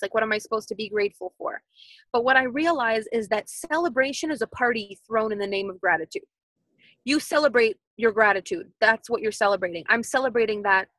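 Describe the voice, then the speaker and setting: A woman's voice: fairly high pitch, no echo, poor audio. A woman in her thirties, a podcast guest talking casually and animatedly, repeating her points like mantras. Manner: animated, repetitive motivational phrasing.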